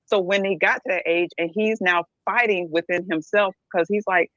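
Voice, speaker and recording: A woman's voice: on the low side, steady tone, moderate pace, hardly any pauses, fairly bright tone, no echo, lo-fi sound. A middle-aged woman speaking bluntly and emphatically as a podcast guest, often checking in with "right?". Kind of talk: candid podcast discussion.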